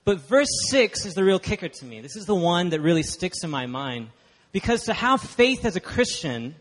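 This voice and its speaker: A man from Texas, preaching a sermon as guest speaker, chatty and emphatic with the congregation. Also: sits high. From Dallas, Texas. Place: church hall. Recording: long hall reverb.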